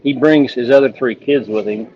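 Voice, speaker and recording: A man's voice: medium pitch, moderate pace, dark tone, muffled recording. A man, a police officer and distance runner, telling an earnest, emotional story over a phone interview.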